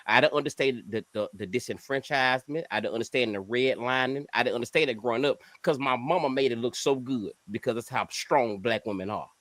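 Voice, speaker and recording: A man's voice: medium pitch, fairly quick, few pauses, no room sound. A man in his thirties from Mississippi with a Southern accent, calling in to an online show and talking with passion, often repeating words. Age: 30s. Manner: emphatic, repeats words, swings in loudness. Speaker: caller. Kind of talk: impassioned call-in commentary.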